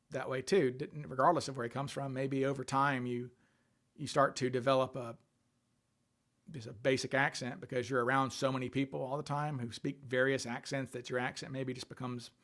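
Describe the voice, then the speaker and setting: A man's voice: mid-range voice, fairly even intonation, a little fast, fairly bright tone. A man hosting a casual livestream, thinking aloud and answering questions from viewer chat. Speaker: livestream host.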